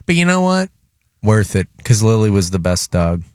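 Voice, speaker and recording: A man's voice: fairly low pitch, normal speed, clear, resonant tone, dry recording. A man hosting a radio show, chatting with co-hosts and callers in a studio. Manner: chatty, animated, takes calls. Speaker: radio host. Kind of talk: radio morning show chat. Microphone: studio mic.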